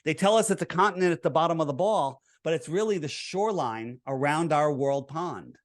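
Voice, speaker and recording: Animated and fairly quick, a man being interviewed lays out his figures step by step, explaining himself in an earnest, instructive tone. His voice sits a little higher than most men's.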